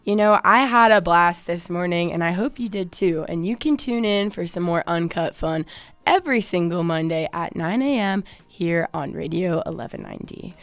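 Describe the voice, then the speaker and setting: A young woman radio DJ with a hoarse voice, signing off her show in a laid-back way with lots of "um"s. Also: lowish voice, normal speed, dry recording. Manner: laid-back, frequent "um" fillers. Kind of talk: casual on-air sign-off. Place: radio studio.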